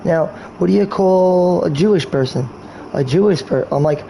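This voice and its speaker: A man's voice: sits high, moderate pace, creaky, dark tone, slight background noise, rough recording. A man streaming a game, talking in a rambling, crude way and telling meandering jokes. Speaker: gaming streamer. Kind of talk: rambling gameplay commentary.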